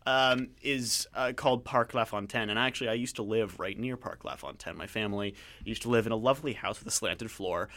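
A man with a lowish, a bit bright voice talks a little fast. He hosts a radio show, reviewing books in casual chat while rambling, joking and poking fun at himself.

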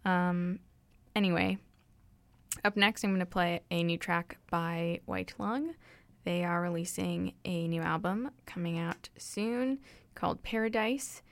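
Young woman radio dj, low fry-heavy voice, ums a lot, chill. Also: a little slow, dry recording. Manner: casual, many ums, offhand. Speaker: radio host. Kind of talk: campus radio DJ chat. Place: radio studio.

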